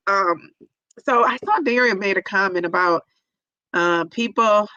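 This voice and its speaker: A woman's voice: mid-range voice, lively intonation, a little slow, pushed and bright, no room sound, lo-fi sound. A middle-aged woman livestreaming, chatting emotionally and tearfully with viewers while reading the chat, with lots of fillers. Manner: emotional, teary, many fillers. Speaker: vlogger reading live chat.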